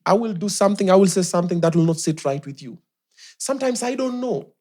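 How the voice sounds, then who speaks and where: A man's voice: high-pitched, expressive, quick pace, a little mellow. A young man with a Kenyan accent, chatting animatedly as a podcast guest and mixing in Swahili slang. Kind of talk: casual chat.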